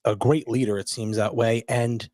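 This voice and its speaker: A man hosting a casual interview podcast, speaking in a thoughtful, measured way. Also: mid-range voice, fairly even intonation, darkish tone, no echo. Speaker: podcast host.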